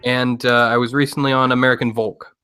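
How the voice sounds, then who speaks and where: Bright, clear-voiced man chatting casually. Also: mid-range voice, level tone, fairly quick. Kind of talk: casual group chat.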